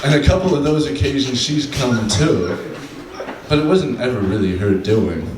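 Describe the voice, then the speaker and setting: A man doing a stand-up comedy set on a club stage, deadpan, slowing down for his punchlines. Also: medium pitch, very noisy. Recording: echoey room from a distant mic, faint ambience.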